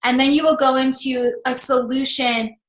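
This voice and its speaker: Woman, thirties, motivational coach, encouraging, high-pitched, roomy echo. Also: little pitch movement, moderate pace. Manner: chatty and encouraging, laughs often. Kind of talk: motivational talk to camera.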